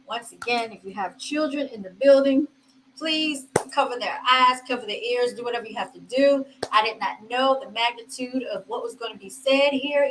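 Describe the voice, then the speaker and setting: A woman's voice: on the high side, a bit bright, slight background noise, low-quality recording. A woman hosting a casual commentary vlog, chatty and laughing, talking straight to her viewers. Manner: chatty, addresses viewers as y'all, laughs often. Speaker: host commenting on video clips.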